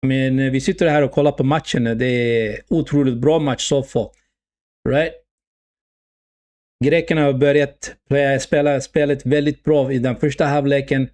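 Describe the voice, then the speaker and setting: A man giving live football watch-along commentary, getting excited at the play, repeating his phrases and reading chat messages aloud. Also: medium pitch, moderate pace.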